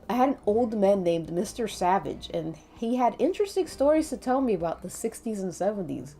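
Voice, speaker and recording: A woman's voice: a little high, a little mellow. A woman with a light Latina accent, chatting casually with her stream chat in a playful, talkative way. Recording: faint background music.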